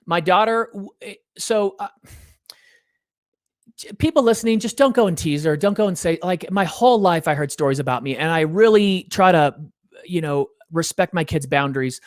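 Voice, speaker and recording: A middle-aged man giving an interview, telling stories in an earnest, animated way and dropping low to make a point. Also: moderate pace, no echo, clean studio sound. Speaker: interview guest, parenting author.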